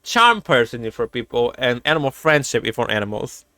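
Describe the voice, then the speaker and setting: Excitable bright-voiced male streamer. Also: mid-range voice, fairly quick, dry recording. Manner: excitable, cooing fondly at game animals, laughs often. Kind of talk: casual gameplay commentary.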